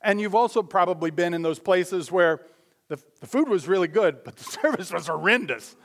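A man preaching a sermon as pastor, talking conversationally with quick asides and self-corrections. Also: sits high, expressive. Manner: acts out voices in anecdotes.

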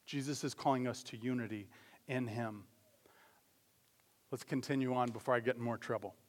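A man preaching a sermon as pastor, talking conversationally with quick asides and self-corrections. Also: medium pitch, fairly even intonation. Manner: acts out voices in anecdotes.

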